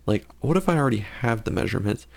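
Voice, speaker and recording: A man's voice: medium pitch, lively intonation, fast, creaky. A man giving casual gameplay commentary and telling a story, rambling and correcting himself with sarcastic asides.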